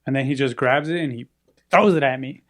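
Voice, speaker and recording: A man's voice: medium pitch, brisk. A man telling a story in casual chat, acting out the people in it. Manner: animated, acts out quoted voices.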